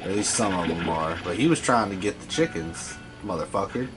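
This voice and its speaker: A man's voice: sits low, lively intonation, a little fast, over music. A man giving profane, scolding commentary while playing a video game. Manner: foul-mouthed, scolding the game creatures. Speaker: gameplay host.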